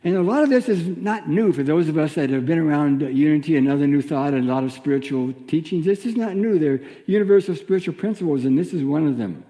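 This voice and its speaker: A man giving a sermon as a minister, teaching in a gentle, reflective way with pauses. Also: on the high side, big-room sound.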